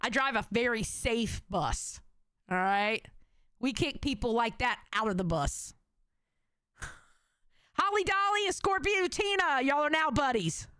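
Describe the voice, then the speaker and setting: A woman's voice: high voice, very animated, a little slow, long pauses, pushed and bright, clear, resonant tone, no room sound, clean studio sound. A woman streamer reacting to a call on a live stream, reading out chat and swearing dramatically and mockingly. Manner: reads out chat comments.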